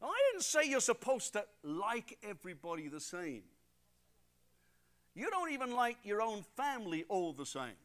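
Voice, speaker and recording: A middle-aged British man preaching a sermon as pastor, swinging between loud emphatic preaching and quiet storytelling. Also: high-pitched, normal speed. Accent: British English. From Britain. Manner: animated, emphatic, repeats for stress.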